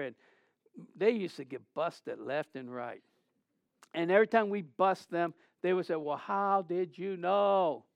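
With a high, smooth, clear voice, this pastor from Southern California delivers a conversational sermon, animatedly telling stories and often starting his phrases over. The sound is muffled and dry, carrying little echo.

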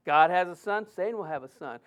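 A middle-aged man preaching a sermon, telling a personal story in a lively way with many restarts and fillers. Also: high voice, quick pace.

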